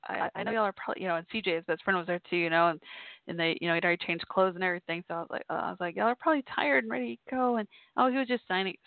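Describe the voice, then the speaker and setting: A woman's voice: fairly low pitch, racing, creaky, no echo. A woman telling a personal story to her listeners in a chatty way, laughing often. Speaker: podcast host. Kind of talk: casual storytelling monologue. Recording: tinny phone-like sound, dry.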